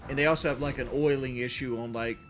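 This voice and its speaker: A man's voice: medium pitch, steady tone, fast. A man chatting casually while streaming a game, rambling with lots of "like" fillers and cursing. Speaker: gaming streamer. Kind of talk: casual live-stream chat while gaming. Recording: noisy background hiss.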